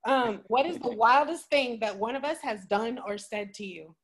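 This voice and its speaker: Chatty woman, fairly high voice. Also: moderate pace. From Texas. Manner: chatty, teasing, trailing off. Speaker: podcast panelist. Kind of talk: casual interview chat.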